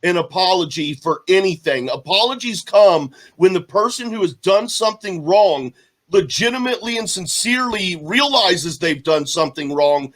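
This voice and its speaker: High-voiced man, blunt podcast co-host. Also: expressive, moderate pace, a bit bright. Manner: blunt, opinionated. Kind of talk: casual chat.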